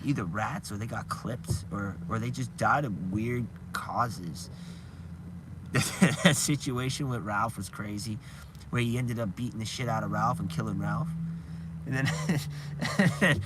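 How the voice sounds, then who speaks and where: A man with a medium-pitched, pushed and bright voice rambles casually on a live stream, with a little hiss or hum audible. He keeps restarting sentences and lets out the odd chuckle while going back over scenes.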